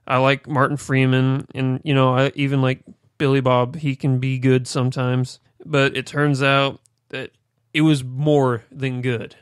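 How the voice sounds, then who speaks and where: A young man hosting a casual podcast, joking with friends and giving a relaxed TV review. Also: medium pitch, measured pace, smooth, no room sound, studio quality. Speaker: podcast host.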